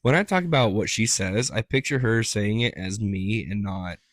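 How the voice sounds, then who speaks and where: A man with a low voice co-hosts a casual podcast, joking and cursing freely. He drifts into playful bits and silly voices. The mic sound is close and dry, with no room around him. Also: moderate pace, no echo. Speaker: podcast co-host. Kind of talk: casual chat.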